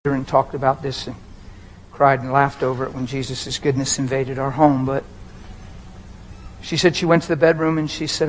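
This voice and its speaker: A man's voice: medium pitch, level tone, moderate pace, a little hiss or hum, rough recording. A man, a pastor, preaching a personal and emotional sermon in a conversational way, often talking straight to the crowd.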